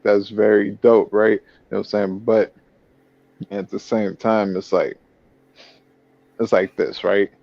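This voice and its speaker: A man in casual chat, rambling and leaning on "you know what I'm saying" after nearly every phrase, with a gravelly voice. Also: on the low side, flat delivery, measured pace, pauses often, a little mellow, dry recording. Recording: dull, lo-fi, dry sound.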